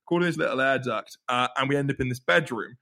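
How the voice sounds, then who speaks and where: A young man, a podcast host, telling a story in casual chat, animated, swearing and stumbling over repeated words. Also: medium pitch, quick pace, vocal fry.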